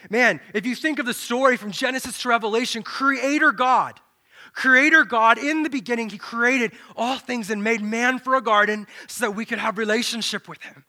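A man preaching a sermon in an animated, dramatic way, dropping to a low hush and then swelling loud.

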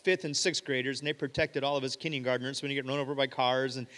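A man's voice: mid-range voice, fast talker. Man preaching in a reverberant hall. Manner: storytelling with rhetorical questions, animated quoting. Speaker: pastor. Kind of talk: sermon.

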